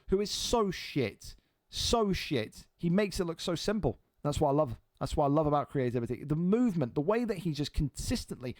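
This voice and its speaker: A man's voice: a little high, a little mellow, dry recording. Blunt man commentating a live stream. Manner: blunt and exasperated, swears freely. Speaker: host and commentator of an online game fight league.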